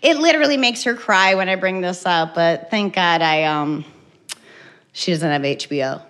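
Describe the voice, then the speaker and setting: A middle-aged woman doing a stand-up comedy set on stage, telling a story deadpan with sudden loud acted bursts. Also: lowish voice, moderate pace. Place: stage before a live audience.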